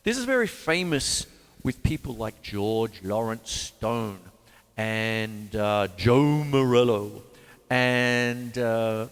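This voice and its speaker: A man hosting a live drum lesson, jokey and excitable with puns. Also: medium pitch, slow pace, clean tone, long reverb tail. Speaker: drum teacher and show host. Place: drum studio.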